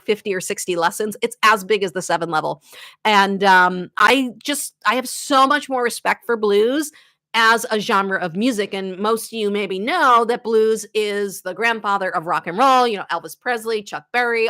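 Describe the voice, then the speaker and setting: Chatty female guitar teacher, Boston accent, bright tone, laughs easily. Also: medium pitch. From Boston area, USA. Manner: chatty, animated, laughs often. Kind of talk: live-stream Q&A chat.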